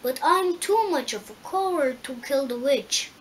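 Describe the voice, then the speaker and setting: A woman's voice: high-pitched, animated, normal speed, slight background noise, low-quality recording. A woman voicing a timid, cowardly male lion in a storybook reading, pleading in a raised voice.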